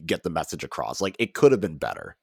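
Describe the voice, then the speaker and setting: Very deep-voiced casual podcast man. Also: wildly swooping pitch, quick pace, creaky, breathy edge, no room sound, studio quality. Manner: rambling, laughs often. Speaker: podcast co-host. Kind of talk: casual chat.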